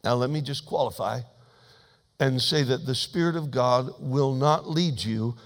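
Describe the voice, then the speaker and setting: A man preaching a sermon as pastor, folksy and humorous, swinging between emphatic loud passages and hushed asides. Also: mid-range voice, unhurried, long reverb tail.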